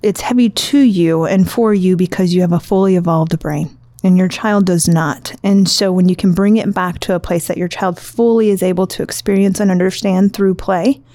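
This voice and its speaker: A woman's voice: fairly low pitch, normal speed, dark tone, no room sound. Reassuring woman in a dry room. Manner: encouraging, reassuring explainer. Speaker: co-host. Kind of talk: casual podcast chat.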